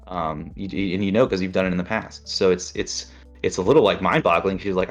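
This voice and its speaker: Guy with a really low voice rambling in a casual chat, kinda muffled audio, faint music. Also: fairly quick. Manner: rambling, acts out inner voices. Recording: dull lo-fi sound with faint music.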